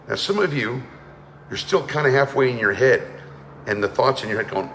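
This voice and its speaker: A man's voice: mid-range voice, expressive, normal speed, fairly bright tone, in a large hall, slight background noise. A man leading a guided energy and breathing class, talking firmly and urging listeners to join in. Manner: commanding, urges listeners to participate. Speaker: energy awareness coach.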